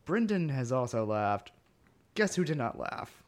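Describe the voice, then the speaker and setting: A man's voice: mid-range voice, big pitch swings, unhurried. A man co-hosting a casual chat podcast, answering with short dry quips. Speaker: podcast co-host.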